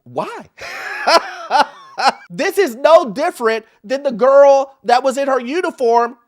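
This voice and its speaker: Speaking slowly in a very high, expressive voice, this man is the host of a commentary show. He laughs while reacting to social media clips and talks straight to the people watching.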